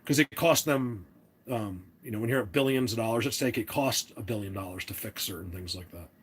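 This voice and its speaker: A man's voice: fairly low pitch, fairly quick, husky. A man hosting a casual livestream, talking to his chat in an opinionated, rambling way with many restarts. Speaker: livestream host.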